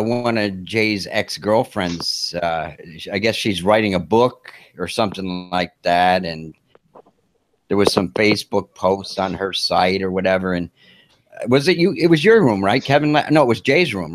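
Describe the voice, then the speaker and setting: A man's voice: on the low side, normal speed, no room sound. A man on a live online call-in show, casually recounting events in a rambling, hesitant way with many fillers. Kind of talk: casual chat.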